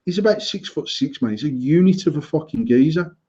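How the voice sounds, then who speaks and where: A man's voice: fairly high pitch, lively intonation, a little fast, warm tone, breathy edge, muffled recording. A British man co-hosting a casual banter podcast, talking bluntly and opinionatedly with lots of swearing and restarts. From United Kingdom. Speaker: podcast co-host.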